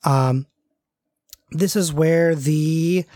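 A performer voicing a rowdy male ghost hunter with a gentle upper-Midwest drawl, chatty and hesitant. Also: mid-range voice, very slow, dry recording. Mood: eager.

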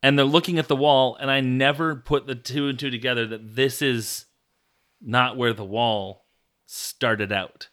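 A young man co-hosting a podcast talks in a rambling way, tripping over his words. His voice is bright and forward, at a middle pitch. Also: steady tone, a little slow. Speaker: podcast co-host. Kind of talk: casual chat.

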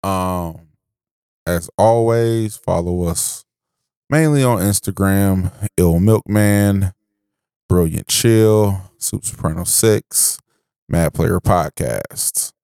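A low, gravelly man's voice, recorded close and dry, trading profane jokes as a podcast co-host. He talks in relaxed casual chat and often restarts with stammers. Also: takes it slowly, no room sound.

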